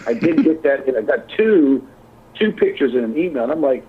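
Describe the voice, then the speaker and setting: A man with a very husky, rough-edged voice, blunt and heavily profane in casual talk. The sound is thin and tinny, like an internet call line. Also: medium pitch, very animated, fairly quick. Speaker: channel owner on a group call. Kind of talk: heated casual call chat. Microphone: computer mic on a video call.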